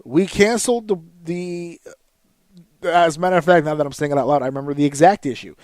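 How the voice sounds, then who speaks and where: A man's voice: on the high side, a little fast, darkish tone, no room sound. A man in his thirties hosting a podcast, telling a profane, exasperated story in a casual rant. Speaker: podcast host. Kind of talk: casual ranting monologue.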